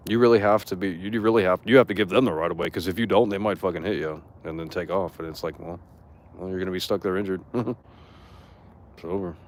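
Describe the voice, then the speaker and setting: A man's voice: deep voice, steady tone, fast talker, slight background noise. A young man streamer ranting to his chat in a rambling, profane, indignant way. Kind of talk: casual rant to chat.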